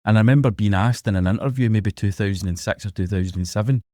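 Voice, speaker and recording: A Glaswegian man with a lowish, mellow voice, talking in a relaxed, conversational way as a podcast guest. He recalls things in a loose storytelling manner. The recording is close and dry. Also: quick pace, dry recording. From Scotland. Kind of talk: podcast interview.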